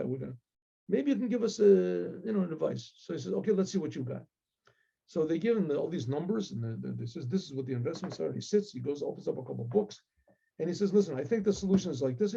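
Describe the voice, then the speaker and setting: A man with a gravelly, husky voice tells a story in a loose, animated way, clearing his throat now and then and voicing each character. His tone is dark and mellow. The recording sounds dull and lo-fi. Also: a little high. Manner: animated, acts out voices with rising emotional pleas; frequent throat clearing and restarts. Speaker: rabbi storyteller. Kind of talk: casual spoken storytelling.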